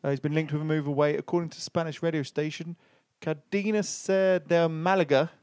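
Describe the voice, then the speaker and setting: Host, slightly high, brisk, reads news items, dry mic. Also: male voice, fairly even intonation, darkish tone, no room sound. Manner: brisk, keeps things moving. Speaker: podcast host. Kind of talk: casual chat, reading news items.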